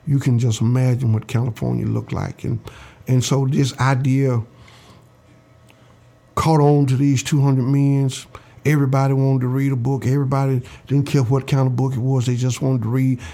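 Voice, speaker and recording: An older man, a guest in an interview, telling a long story in a slow, earnest way and acting out the voices of the people he quotes. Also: mid-range voice, flat delivery, creaky, warm tone.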